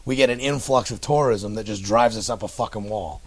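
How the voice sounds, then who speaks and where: A man's voice: fairly low pitch, brisk. A man with a Down East Maine accent, grumbling and swearing his way through casual banter with friends. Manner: grumbling, swears freely, does exaggerated local impressions.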